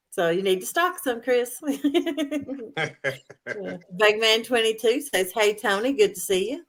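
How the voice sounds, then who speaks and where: A woman's voice: fairly high pitch, animated, slow pace, pauses often. A woman hosting a fishing livestream, cheerfully reading out viewer comments and greetings. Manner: cheerful, laughing between comments. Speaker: livestream host reading chat.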